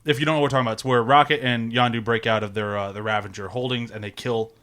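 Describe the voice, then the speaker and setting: A man in casual podcast chat, talking in an animated, joking way. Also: mid-range voice, racing, very noisy.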